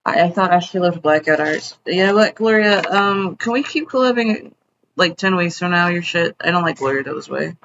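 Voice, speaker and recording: A woman's voice: on the low side, animated, normal speed, a bit bright, muffled recording, slight background noise. A woman in her twenties talking casually to her viewers, scattered and jumping between topics, often apologizing. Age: 20s. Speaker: vlogger. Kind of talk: casual rambling vlog chat.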